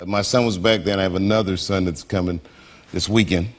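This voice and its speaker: A man's voice: sits low, steady tone, fairly quick, a little hiss or hum. A man in his forties telling funny stories in an interview, laughing often and acting out dialogue. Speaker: comedian guest. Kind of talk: interview anecdotes.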